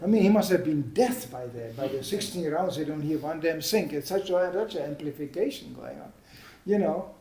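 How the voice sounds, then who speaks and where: A man giving an informal, anecdotal spiritual talk, chatty and quick to laugh at his own stories. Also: fairly high pitch, expressive, dark tone. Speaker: devotional speaker. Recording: echoey room.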